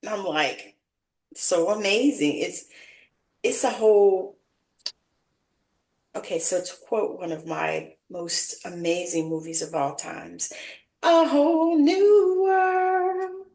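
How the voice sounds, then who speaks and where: A woman hosting a casual interview chat, agreeable and quick to chime in with her own experiences. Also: lowish voice, a little mellow. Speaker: host. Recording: echoey room.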